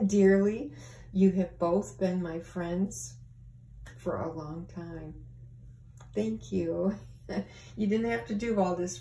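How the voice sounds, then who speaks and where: A woman chatting to her viewers as she opens craft mail, gushing over every piece. She talks slowly in a somewhat low voice, and a steady hiss of background noise sits under her. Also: poor audio. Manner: gushing, excited, often breathy exclamations. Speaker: papercraft vlogger opening happy mail. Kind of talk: casual unboxing chat to viewers.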